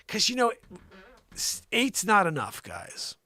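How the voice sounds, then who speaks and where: A man hosting an improvised comedy news show, riffing sarcastically with sudden loud outbursts and low mutters in his studio. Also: wildly swooping pitch, slow pace. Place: home studio.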